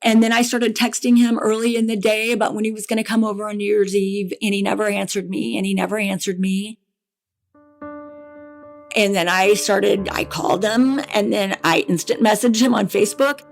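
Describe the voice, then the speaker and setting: A middle-aged woman speaks at an everyday mid-range pitch, telling a deeply personal story. Her delivery is halting and grief-laden, with frequent false starts and repeated phrases. Soft guitar music plays faintly behind her. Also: fairly even intonation, gravelly. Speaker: interview guest, bereaved mother.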